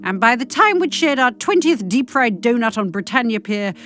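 A woman reading a comic monologue with dry, deadpan delivery. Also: fairly high pitch, moderate pace, faint music behind. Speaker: comic storyteller.

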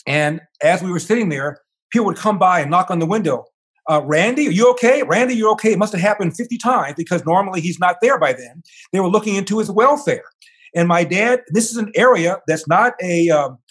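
Older man telling an animated story. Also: fairly high pitch, husky. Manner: animated storyteller, acts out quoted voices. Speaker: guest. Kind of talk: storytelling in a conversational interview.

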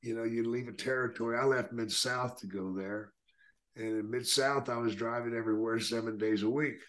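A man's voice: mid-range voice, fairly even intonation, brisk, fairly bright tone. Laid-back man telling stories. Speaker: guest, retired wrestler. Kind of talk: casual storytelling interview.

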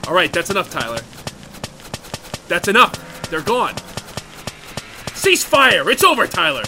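A man voicing a high-strung young man who talks in an exasperated, excitable, snappy way in a comedy skit. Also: unhurried, slight background noise, heavily acted.

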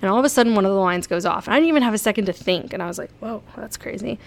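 A young woman from South Florida telling stories casually to her viewers, chatty and excitable, laughing often. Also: mid-range voice, very fast. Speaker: vlogger. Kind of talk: casual storytelling.

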